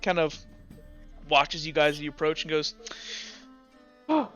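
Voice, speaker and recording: A man's voice: a little high, flat delivery, normal speed, a bit bright, clean tone, dull audio, faint music behind. A man narrating as game master of a tabletop game, rambling with many fillers.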